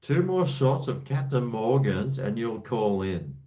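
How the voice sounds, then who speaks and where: Australian host, rambling, hesitant, sweary, animated pitch. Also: male voice, unhurried. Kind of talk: casual live-stream chat.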